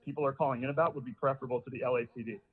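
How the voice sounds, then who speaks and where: A man's voice: medium pitch, steady tone, racing, slightly rough. An out-of-breath man calling in with a public comment, insistent and frustrated. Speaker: public caller. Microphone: phone. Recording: phone line with long reverb.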